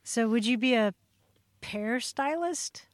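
Brief: woman radio co-host, bright and friendly, dry studio mic. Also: on the high side, animated, no room sound. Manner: friendly, quick to laugh. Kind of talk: radio talk show hosting.

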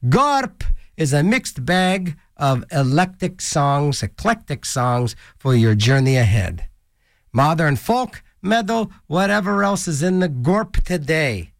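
A goofy man DJing on college radio, rambling from joke to joke. His voice sits high and swings all over the place. The sound is dry and close on a studio mic. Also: very animated, takes it slowly, vocal fry, no room sound. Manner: goofy, rambling, jokey asides and silly voices. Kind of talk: casual DJ banter. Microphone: studio microphone.

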